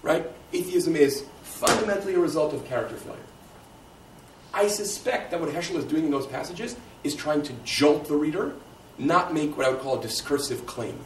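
A man's voice: on the high side, a little fast. A man giving a lecture and answering audience questions, thinking aloud in a conversational way and often checking in with "right?". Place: lecture room. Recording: echoey room, distant mic, faint hiss.

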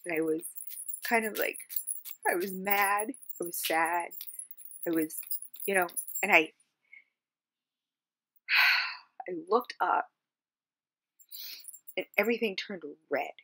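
A woman vlogger telling a personal story to camera, halting and searching for words with many fillers, soft and subdued, sometimes sinking toward a whisper. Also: on the low side.

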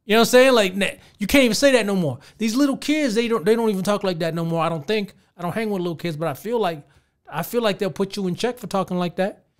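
High-voiced man ranting on a podcast. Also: fast talker. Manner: profane, animated, talks straight to listeners. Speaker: podcast host. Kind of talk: casual ranting commentary.

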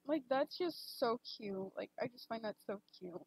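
Young woman streamer, bubbly and gushing, high breathy voice, casual chat. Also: lively intonation, moderate pace, dry recording, poor audio. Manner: giggly, gushing, lots of "like" and "literally". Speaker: game streamer.

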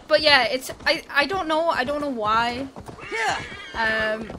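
Young woman, casual let's-play commentary, slow and high-voiced, noisy mix. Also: bright, forceful tone. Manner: exasperated, giggly asides. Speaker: gameplay streamer.

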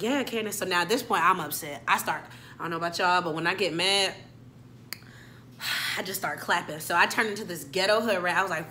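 A woman's voice: on the low side, fairly quick, background noise. A young adult woman, telling a dramatic story and acting out every character. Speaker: storyteller vlogger. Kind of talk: storytime vlog.

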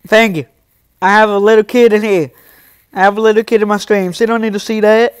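A man's voice: sits high, steady tone, a little fast, clear, resonant tone, dry recording, studio quality. A young man live streaming, reading and answering his chat in casual talk, scolding some viewers and joking with others. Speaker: livestreamer.

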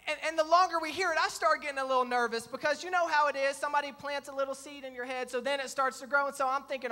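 A man's voice: extremely high pitch, fairly quick, pushed and bright. A young man, preaching a sermon, telling a self-mocking story and acting out the dialogue. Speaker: pastor. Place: church sanctuary with a congregation. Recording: long reverb of a church hall.

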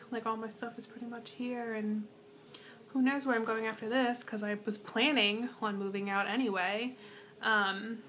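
A woman's voice: fairly high pitch, a little hiss or hum. Chatty young woman vlogging from bed. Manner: chatty, rambling, peppered with "like", soft whispered asides. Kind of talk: casual chat to camera. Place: bedroom at home. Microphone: iPad propped on bed.

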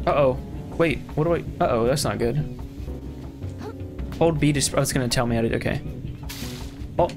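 An excitable young man commentates his playthrough as a streamer, his voice sitting a little high and jumping at every surprise. Game music hums faintly behind him. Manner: excitable, reacting loudly. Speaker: gaming streamer. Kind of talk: let's play commentary.

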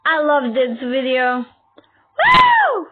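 High-voiced woman, gushing reaction talk, squeals and whoops, unhurried, muffled lo-fi sound. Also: very noisy. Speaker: reaction video host. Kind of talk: excited reaction commentary.

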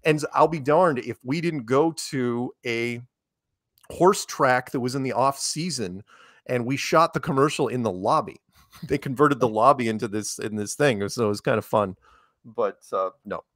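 A man's voice: medium pitch, normal speed, fairly bright tone, no echo, studio quality. A man being interviewed, telling chatty anecdotes and laughing as he goes. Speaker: interviewed guest. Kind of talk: casual storytelling interview.

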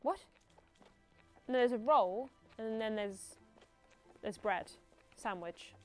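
A woman's voice: a little high, takes it slowly, soft background music. A young woman streaming a video game, chatting playfully with viewers and laughing at herself.

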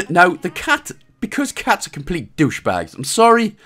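A man with a Welsh accent giving a casual, joking game walkthrough, swearing a little and calmly repeating his instructions. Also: high voice, measured pace. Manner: irreverent, joking, mild swearing. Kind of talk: casual commentary over gameplay.

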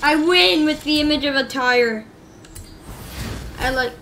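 A woman commenting on a driving game, joking and bursting into excited shouts. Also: high voice, unhurried, slight background noise. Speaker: gamer. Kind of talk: gameplay commentary. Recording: game audio mixed under voice. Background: game engine sounds.

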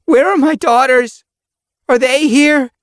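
A man's voice: very high voice, slow pace, no room sound, studio quality, pitched above the performer's own voice. A man voicing a grieving female medicine cat in an audiobook, snarling and pleading in a distraught way. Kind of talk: audiobook character voice.

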